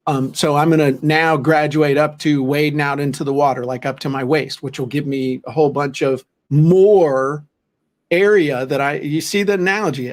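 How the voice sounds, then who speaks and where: A man co-hosting a casual talk show, telling stories in an animated, folksy way. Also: a little high. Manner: animated storyteller, folksy asides. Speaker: podcast co-host. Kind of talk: casual chat.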